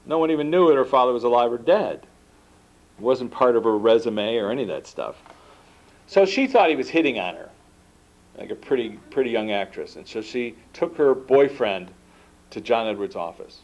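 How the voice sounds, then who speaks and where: A man giving a book talk, telling stories in an animated way and acting out the dialogue. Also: mid-range voice, moderate pace, highs cut off. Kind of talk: storytelling lecture. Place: lecture room at an institute.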